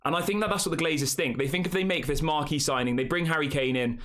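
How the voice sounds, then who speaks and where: A young man hosts a casual football livestream, chatting directly with his viewers and calling the chat "guys." His voice is a little high and fairly bright, and he talks fast.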